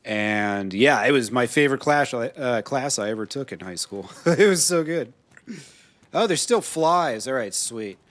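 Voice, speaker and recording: American man, live game stream, casual rambling chat, laughs a lot, swears freely, very animated pitch. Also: unhurried. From United States. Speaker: gaming streamer.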